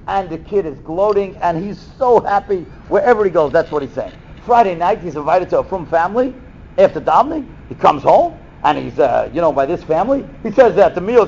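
High lively guy telling a story in a sermon, kinda muffled recording. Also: brisk. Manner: animated storyteller acting out voices. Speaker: rabbi giving a talk. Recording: dull lo-fi recording.

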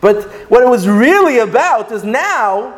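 A man teaching a Talmudic lesson, reading Hebrew texts aloud and explaining them in an animated, sing-song way with many restarts. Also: extremely high pitch, measured pace. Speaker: Torah teacher. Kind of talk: Talmudic lecture.

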